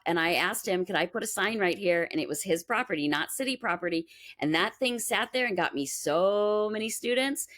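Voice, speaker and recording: In a relaxed storytelling interview about her music school, a Minnesota woman talks a little fast in a mid-range voice with hardly any pauses. She's lively, bringing quoted voices to life as she recounts events.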